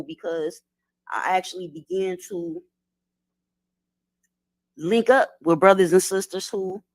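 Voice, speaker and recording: A woman's voice: mid-range voice, dry recording. Woman explaining in a dry room. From Detroit, USA. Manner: explanatory, asks "right?" often, street slang. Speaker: guest. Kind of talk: casual conversational lecture.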